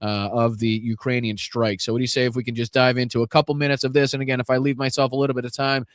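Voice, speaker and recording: A man's voice: medium pitch, level tone, quick pace, no echo, clean studio sound. A man with a Boston accent hosting a live political podcast, talking bluntly and profanely with lots of fillers and restarts.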